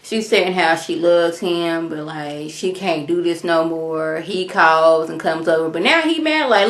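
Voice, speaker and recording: A woman's voice: lowish voice, unhurried, hardly any pauses. A woman, chatting casually as she recaps a reality show and acts out the cast's quotes in voices. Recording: echoey room.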